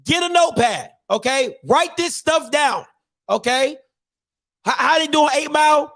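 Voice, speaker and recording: A podcast host gives an emphatic, opinionated rant in casual slang, firing off repeated rhetorical questions and restarting his sentences. His voice is very high and fairly bright, with lively intonation at an unhurried pace.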